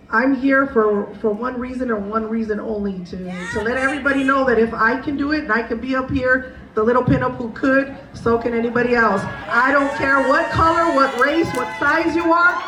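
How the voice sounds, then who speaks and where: Rousing high-voiced woman addressing a crowd. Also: background noise. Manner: rousing, heartfelt. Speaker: guest speaker. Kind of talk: speech to a crowd. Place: crowded bar venue. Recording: echoey crowded room from far off.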